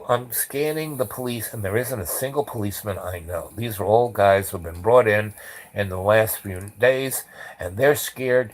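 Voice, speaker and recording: Middle-aged male storyteller, lowish voice, loose rambling delivery, bursts into acted voices. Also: rough recording. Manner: animated storyteller acting out quotes loudly. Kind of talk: rambling anecdote.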